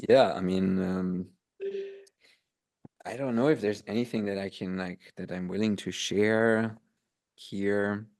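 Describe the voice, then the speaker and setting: A man with a very low voice co-hosting a casual podcast chat. He talks in a relaxed, somewhat hesitant way, pausing and restarting his sentences. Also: gravelly. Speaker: podcast co-host.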